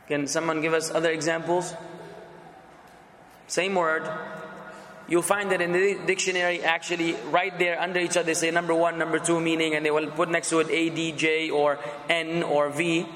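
A man's voice: on the high side, flat delivery, moderate pace, long pauses, a bit bright. Man lecturing a class in an echoey room. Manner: conversational, asks the class questions, repeats words. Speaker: instructor. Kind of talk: classroom lecture with questions to students. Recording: echoey classroom, some background noise.

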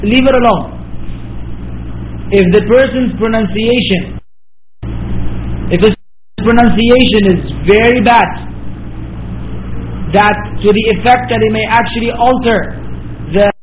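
A man's voice: high voice, echoey room, lo-fi sound, slight background noise. A man, a religious scholar, answering listeners' questions with earnest explanations and worked examples.

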